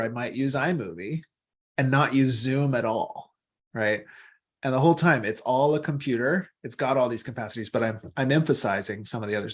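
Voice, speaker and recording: Male meditation teacher, loose and playful, drifts off on tangents, video-call mic. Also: mid-range voice. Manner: rambling, playful, animated, swears casually. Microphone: external microphone on a video call.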